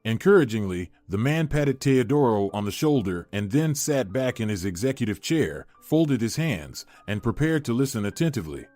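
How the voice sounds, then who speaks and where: Guy narrating a story, steady and even, mid-pitched, faint music behind. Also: moderate pace, few pauses, no room sound. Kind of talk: scripted narration.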